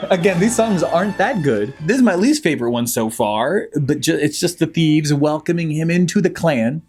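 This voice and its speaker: A young man recaps an animated film with dry sarcasm and quick jokes, slipping into little character voices. His voice sits a bit high. Faint music plays underneath. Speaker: movie reviewer. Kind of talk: comedic movie recap.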